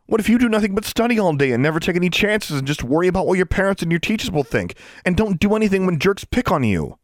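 A man's voice: high-pitched, big pitch swings, fast, dry recording, studio quality, pitched above the performer's own voice. A man voicing a proud, stubborn eleven-year-old witch girl who talks back smugly in an audiobook. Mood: mocking. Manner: smug, defiant, mocking.

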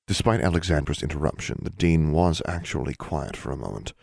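A man calmly narrating an audiobook. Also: extremely low pitch, brisk, creaky, few pauses, breathy edge, no echo, studio quality. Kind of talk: scripted narration.

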